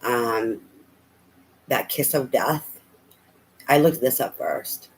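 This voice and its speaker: A man's voice: mid-range voice, lively intonation, slow, poor audio. A man giving a casual spoken tarot reading, rambling and hesitant with many fillers. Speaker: tarot reader.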